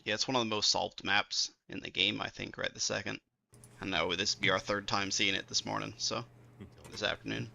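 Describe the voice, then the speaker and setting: A man's voice: lowish voice, little pitch movement, moderate pace, vocal fry, sharp tone, no room sound. A man casting an esports match, breaking down rounds and reading out stats in casual analytical chat. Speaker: esports caster. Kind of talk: analysis commentary.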